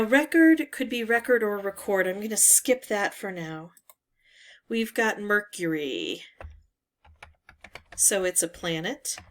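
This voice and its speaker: Slow, musing woman thinking aloud. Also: mid-range voice. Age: adult parent. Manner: musing, hesitant, pauses with "um". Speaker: word-game channel host. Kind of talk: thinking-aloud puzzle talkthrough.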